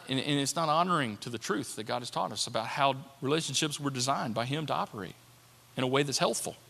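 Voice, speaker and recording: A man's voice: mid-range voice, bright, forceful tone. A man preaching a sermon as pastor, in a conversational, questioning way, then leading a prayer. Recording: long hall reverb.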